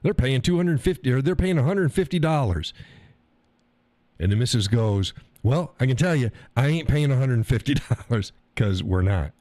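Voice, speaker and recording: A man's voice: medium pitch, expressive, moderate pace, darkish tone, no room sound. A middle-aged American man hosting a live stream, ranting casually in a profane, rambling way and mocking other people's words. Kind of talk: casual storytelling rant.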